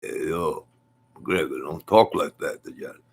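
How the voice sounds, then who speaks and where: A tough street boxer, played by a man, low and mumbling with a slurred, lovesick drawl. The voice is gravelly and husky, and the delivery is slow. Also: expressive, full character voice. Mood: lovestruck mumbling.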